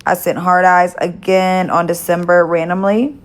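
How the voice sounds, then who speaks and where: A woman's voice: on the low side, fairly even intonation, moderate pace, hardly any pauses. A woman hosting a livestream, telling a story to her viewers in a rambling, gossipy way, swearing and stressing her words. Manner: gossipy, profane, emphatic swearing. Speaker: livestream host.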